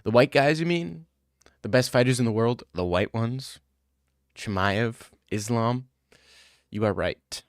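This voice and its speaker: A man's voice: medium pitch, measured pace, smooth, no room sound, clean studio sound. A man streaming live and answering chat in a sarcastic, mocking way. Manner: sarcastic, mocking, jumps into put-on voices. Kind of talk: casual livestream chat.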